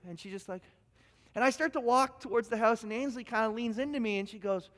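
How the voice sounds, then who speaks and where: A man preaches in a high, lively voice, telling stories about himself with plenty of false starts and restarts. His sermon rings out with a long reverb across a church sanctuary. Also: quick pace. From Ontario, Canada. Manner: animated, self-deprecating storytelling with frequent restarts. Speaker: pastor.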